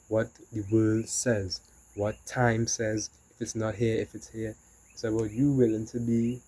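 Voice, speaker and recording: A man's voice: lowish voice, mellow, dry recording, low-quality recording. A man talking casually in a rambling motivational monologue, often saying "you know". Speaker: vlogger.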